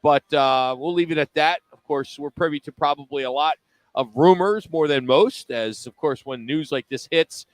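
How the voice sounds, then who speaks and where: A man's voice: fairly high pitch, normal speed, dry recording, rough recording. Upbeat male sports radio host. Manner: upbeat, chatty, with frequent fillers. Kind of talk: live sports radio talk. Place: broadcast from a restaurant.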